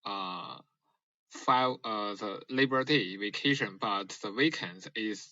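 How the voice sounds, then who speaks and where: A man whose first language is Mandarin calls in to a livestream from China. His English is slow and careful, with many hesitations. His voice is low and bright-edged, and the audio is dry and dull. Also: dry recording. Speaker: caller on a livestream. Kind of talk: casual chat in English as a second language.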